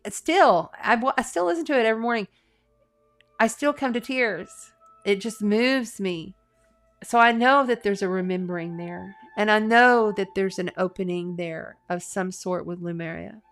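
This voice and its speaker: A woman's voice: medium pitch, a bit bright, clean tone. A middle-aged woman, an astrologer and tarot reader, chatting casually on a live stream, earnest and talkative with lots of fillers and restarts. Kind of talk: casual live-stream chat reading viewer comments.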